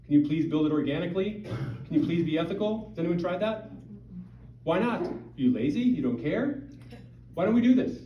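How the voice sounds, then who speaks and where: A middle-aged man from Montana gives an emphatic, conversational talk at a parish and keeps firing rhetorical questions at the crowd. His voice sits a little high for a man. It comes from some distance off the mic, with a roomy echo and a dull, muffled sound. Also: lively intonation, fairly quick, a little hiss or hum. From Montana, USA. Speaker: guest speaker at a parish. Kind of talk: public talk to a church audience. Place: parish hall or church.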